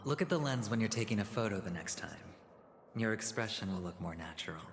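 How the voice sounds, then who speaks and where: A man voicing a suave, confident merchant with a smooth, amused manner, in game dialogue with clear background noise. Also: lowish voice, lively intonation, a little fast, close to an everyday voice. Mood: assured.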